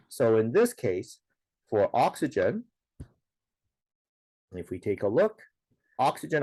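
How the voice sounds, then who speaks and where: A man's voice: medium pitch, a little mellow, no echo. A man teaching a science lesson, explaining step by step in a patient way, with a lot of "okay" and "now". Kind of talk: recorded classroom lesson.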